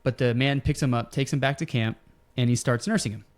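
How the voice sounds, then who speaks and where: Male podcast host, relaxed storyteller, everyday mid voice. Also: mid-range voice, a little fast. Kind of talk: casual wrestling podcast chat.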